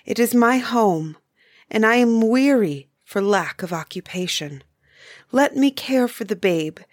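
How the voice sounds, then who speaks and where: A woman's voice: on the high side, lively intonation, unhurried, dry recording, clean studio sound, pitched above the performer's own voice. A woman voicing a bold, defiant young female nymph in a storybook reading. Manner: pleading, defiant.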